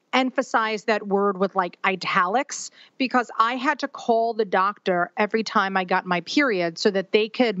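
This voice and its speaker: A woman's voice: medium pitch, a bit bright, no room sound. Chatty New woman, dry dull sound. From New York. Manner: chatty and candid, laughs often, acts out quoted voices. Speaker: guest, author and twins parenting founder. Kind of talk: casual podcast interview storytelling.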